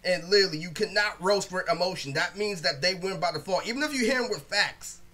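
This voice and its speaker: A man's voice: high voice, quick pace, sharp tone. A young man ranting casually in a rambling, profane way, saying "literally" over and over. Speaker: video creator. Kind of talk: casual storytime rant.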